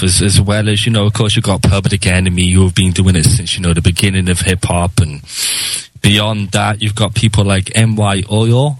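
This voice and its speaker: A man from the UK with a Welsh accent, a radio guest chatting casually and relaxed. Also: on the low side, no echo, poor audio. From United Kingdom. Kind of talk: casual interview chat.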